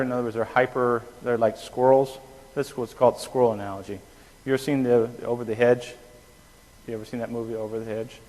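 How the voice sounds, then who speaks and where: A man giving a classroom lecture on anesthesia, explaining with homespun analogies and checking in with "okay?" after each point. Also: mid-range voice. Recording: reverberant lecture hall.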